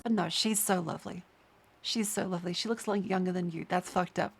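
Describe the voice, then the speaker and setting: A woman's voice: lowish voice, fairly even intonation, brisk, creaky, faint music behind. An Australian woman streamer chatting casually while reacting, swearing freely. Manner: swears freely, laughs easily.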